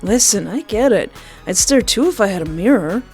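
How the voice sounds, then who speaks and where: Woman doing a cold aloof stranger, slow, dismissive, game voice, faint music. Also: medium pitch, lively intonation, mellow, lightly acted. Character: cool, aloof stranger leaning on a house.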